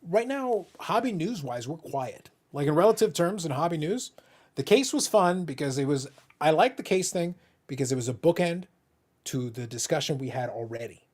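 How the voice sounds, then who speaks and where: A man's voice: fairly high pitch, expressive, normal speed, a little mellow. A man hosting a casual podcast chat, talking in a laid-back way with wry joking asides. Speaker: podcast host.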